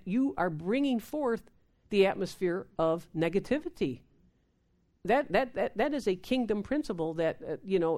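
A woman's voice: mid-range voice, darkish tone. A woman giving an informal sermon, often repeating words and acting out quoted prayers. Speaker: preacher.

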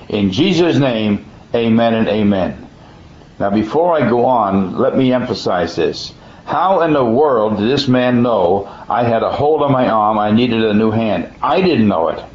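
A man's voice: mid-range voice, expressive, normal speed, a little mellow. A man telling a personal testimony in plainspoken, folksy speech, earnest and emphatic, often restarting his words. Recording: dull echoey room recording.

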